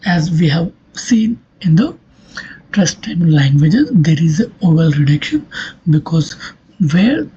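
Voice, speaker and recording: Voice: mid-range voice, animated, warm tone, slight background noise. A lecturer giving a recorded academic talk, explaining step by step and repeating points. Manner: slow, repetitive, step-by-step explaining. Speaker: linguistics lecturer. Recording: dull lo-fi recording.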